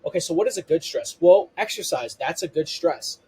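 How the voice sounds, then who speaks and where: A man's voice: a little high, fairly quick, slightly rough, poor audio. A man explaining a health topic to viewers as a coach, step by step, with "okay" and "you know" as constant fillers. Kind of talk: explanatory health lesson to camera.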